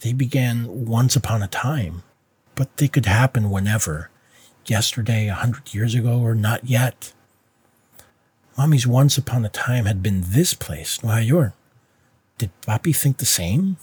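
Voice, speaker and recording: A man narrating a story in a calm, measured reading style. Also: mid-range voice, slightly rough, dry recording. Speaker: audiobook narrator. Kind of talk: scripted narration.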